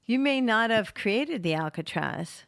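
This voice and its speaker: A woman's voice: on the high side, expressive, measured pace, vocal fry, fairly bright tone, no room sound, clean studio sound. A woman interviewer asking reflective, encouraging questions. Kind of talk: casual interview.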